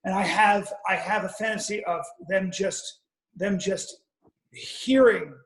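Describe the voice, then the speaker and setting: A man's voice: high-pitched, steady tone, slow, roomy sound, poor audio. A man telling a rambling, profane comic story on a podcast, with frequent restarts. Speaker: podcast guest or co-host.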